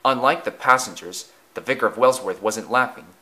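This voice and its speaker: A man narrating a children's railway story in a lively, expressive reading. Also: mid-range voice, a little fast.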